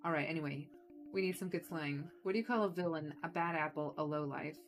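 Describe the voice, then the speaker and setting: Woman doing a loud, rude, hyper little male director in a game, barking orders. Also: sits low, fairly quick, soft background music, close to an everyday voice. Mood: brash. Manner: brash, shouty, condescending. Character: small energetic rude male film director.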